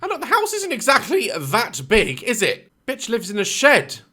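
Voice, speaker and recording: A man's voice: very high voice, wildly swooping pitch, normal speed, over music. A man hosting a reaction video, talking casually from his home office and firing off sarcastic, joking asides.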